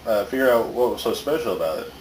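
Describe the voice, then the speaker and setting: A man's voice: fairly low pitch, expressive, fast talker, darkish tone, echoey room, far from the mic, a little hiss or hum, poor audio. A man casually reading a story aloud to friends, stumbling over words now and then. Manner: casual, stumbling, laughs often. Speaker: story reader. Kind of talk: joking comedic reading aloud.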